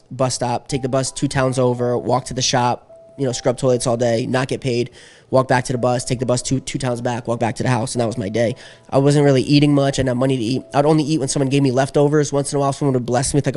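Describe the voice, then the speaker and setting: A man's voice: mid-range voice, darkish tone. A man guest in an interview, telling a long story in a casual, streetwise way with lots of fillers.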